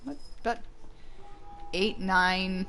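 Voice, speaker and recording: Brief: woman co-host, mid-pitched, chatty and rambling. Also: slow pace, bright, forceful tone, faint music behind. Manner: chatty, rambling with many restarts. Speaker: co-host of a gaming stream. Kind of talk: casual gameplay chat.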